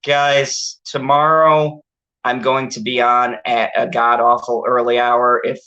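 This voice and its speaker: Guy hosting a chill movie review stream, rambles a lot, lots of uhs, mid pitch. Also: little pitch movement, takes it slowly, bright, forceful tone, lo-fi sound. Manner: rambling, laughing, frequent fillers. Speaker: channel host. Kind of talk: casual movie review chat.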